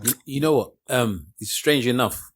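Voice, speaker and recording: A man's voice: medium pitch, moderate pace. A man, co-hosting a casual chat and acting out the people in his stories. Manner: animated storyteller acting out quoted dialogue. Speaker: podcast co-host.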